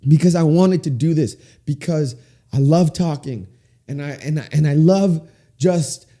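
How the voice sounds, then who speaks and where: A man in his twenties hosts a faith-based podcast on his own, his mellow voice swinging widely up and down in pitch. He records in a small room fitted with sound panels.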